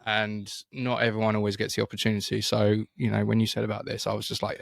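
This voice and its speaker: Chatty British man, low and dry. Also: completely flat delivery, fast talker, gravelly, no room sound. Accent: British English. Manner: chatty storyteller, many fillers and restarts. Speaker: podcast co-host. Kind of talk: casual podcast chat. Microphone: studio microphone.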